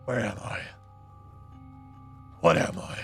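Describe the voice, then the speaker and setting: A man voicing a dazed ancient male demon in a low, breathy, whispery groan. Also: slow pace, soft background music, lightly acted. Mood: groggy.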